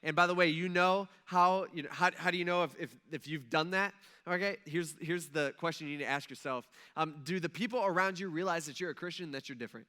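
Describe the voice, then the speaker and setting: Bright-voiced animated pastor. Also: male voice, on the high side, fast, hardly any pauses. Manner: animated, acts out quoted voices, frequent "okay?" and "right?". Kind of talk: conversational sermon. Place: church sanctuary.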